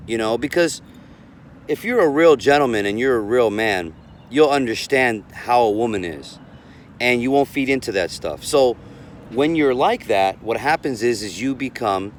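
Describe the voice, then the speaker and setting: A man in the middle of his vocal range talks through relationship tips in a loose, rambling way, often stumbling over and repeating words. He speaks outdoors, with faint street and traffic noise underneath. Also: mid-range voice. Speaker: relationship coach. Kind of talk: casual vlog advice.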